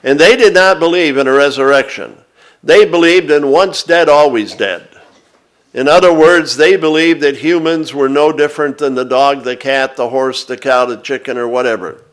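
Reading passages of scripture and then explaining them, a man gives a sermon to his congregation at an unhurried, deliberate pace. His mid-range voice has a fairly bright tone.

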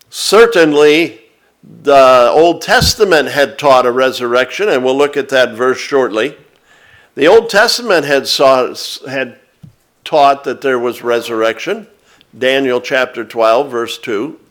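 A man preaching a sermon, reading scripture aloud and explaining it to his congregation in a slow, deliberate manner. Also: medium pitch, a bit bright.

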